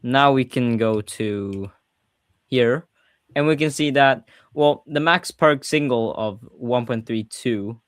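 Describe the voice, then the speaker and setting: A man's voice: mid-range voice, takes it slowly, dry recording. Man, Swedish accent, podcast host, casual chat, self-correcting, dead dry sound. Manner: chatty, often corrects himself mid-sentence.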